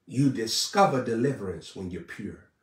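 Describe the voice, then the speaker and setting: A man preaching a live sermon in a fiery, repetitive style, building to shouts. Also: on the low side, animated, normal speed, roomy sound, far from the mic.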